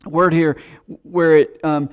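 A man preaching a sermon, animated, who acts out the voices of scoffers he quotes. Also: fairly high pitch, measured pace, clear, resonant tone, narrow, tinny audio. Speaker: pastor.

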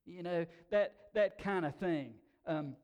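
Man, pastor, sermon, folksy, slow-talking, casual asides. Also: sits high, darkish tone. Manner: slow-talking, by his own account.

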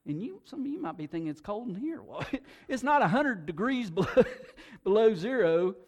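High-voiced animated male preacher. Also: normal speed. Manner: animated, often repeats words and swings between soft and loud. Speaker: pastor. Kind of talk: sermon to a congregation.

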